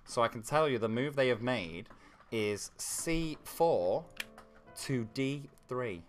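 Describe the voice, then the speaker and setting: A man's voice: medium pitch, animated, takes it slowly, soft background music. A man hosting a chess livestream, chatty and joking, with lots of fillers. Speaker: stream host.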